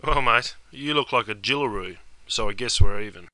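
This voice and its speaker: At normal speed, a young man with an Australian accent speaks in a bright, forceful mid-range voice, on a rough recording with no room sound. He's playing Bruce, a laid-back Aussie bloke, in a comedy sketch, bantering broadly and piling on the slang.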